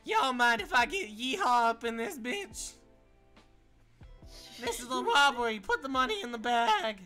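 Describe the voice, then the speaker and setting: A man voicing a rowdy male rat cowboy robber with a loud southern drawl. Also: very high voice, big pitch swings, unhurried, soft background music, voice pushed up, heavily acted.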